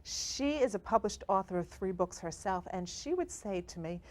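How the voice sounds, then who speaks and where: A woman's voice: medium pitch, lively intonation, normal speed. A middle-aged woman, an author and diet coach, explaining her ideas earnestly in a casual interview and repeating her key points.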